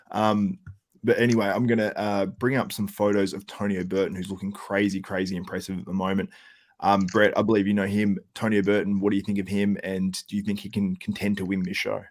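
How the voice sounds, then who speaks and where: A man's voice: lowish voice, flat delivery, quick pace. A man hosting a laid-back panel chat, with plenty of ums, running down a list of competitors. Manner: laid-back, lots of ums, laughs often. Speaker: podcast host.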